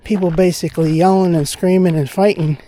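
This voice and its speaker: A man's voice: sits high, steady tone, a little fast, dark tone. A man from Pennsylvania talking casually and ramblingly during an outdoor walking vlog, sharing his opinions. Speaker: vlogger.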